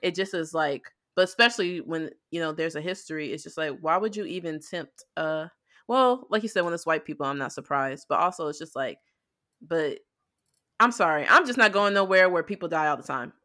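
Earnest young woman co-host, bright voice. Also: sits low, lively intonation, a little fast. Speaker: podcast co-host. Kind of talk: casual chat.

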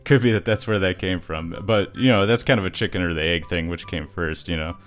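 A man's voice: low voice, fairly quick, fairly bright tone, faint music behind. A man from Canada co-hosting a podcast in casual chat, rambling with many uhs and small laughs. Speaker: podcast co-host.

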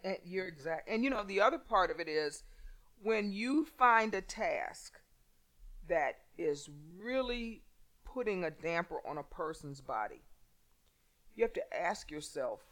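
A woman in casual conversation, telling workplace stories with many restarts and halting phrases. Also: on the low side, animated, a bit bright. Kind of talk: conversational storytelling.

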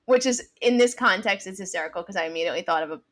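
Woman podcast guest, sharp bright tone, playful and chatty. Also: medium pitch. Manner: playful, quick to laugh. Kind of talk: casual chat.

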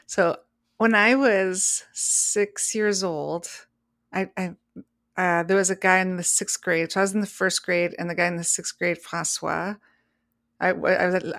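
A chatty woman co-hosts a podcast, telling stories with lots of laughter and quick restarts. The sound is dry and close, with little room around her. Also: on the low side, gravelly, dry recording. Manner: animated storyteller, laughs often, restarts sentences. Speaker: podcast co-host. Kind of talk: casual chat.

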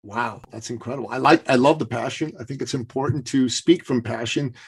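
A man's voice: mid-range voice, a little fast, breathy edge. A man in his fifties hosting a podcast interview, talking earnestly with frequent hesitations. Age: 50s. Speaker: podcast host. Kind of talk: casual interview chat.

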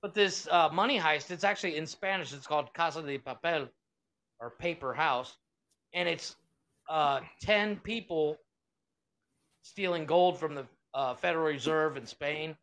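A man's voice: a little high, measured pace, fairly bright tone. Profane, rambling man on a podcast. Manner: rambling, profane, trails off searching for names. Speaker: podcast co-host. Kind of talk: casual chat.

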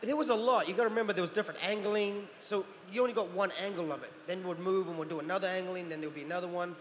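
A man in his forties, a guest on a convention panel, telling stage stories in an animated way, acting out voices and laughing often. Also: high voice, rapid-fire. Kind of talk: storytelling Q&A on stage. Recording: roomy hall reverb with faint crowd noise.

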